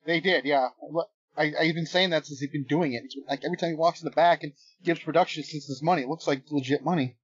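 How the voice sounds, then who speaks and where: A man's voice: fairly high pitch, fairly even intonation, fast, hardly any pauses, breathy edge, dry recording. A man with a slightly raised voice banters wryly as co-host of a casual podcast. The sound is dry and a bit dull. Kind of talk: casual wrestling podcast chat.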